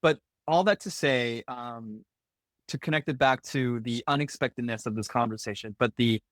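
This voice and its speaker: A man hosting a podcast, thinking aloud in a halting, reflective way, with many restarts. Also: medium pitch, a bit bright, no echo. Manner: reflective, halting, laughs often. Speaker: podcast host. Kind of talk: podcast interview.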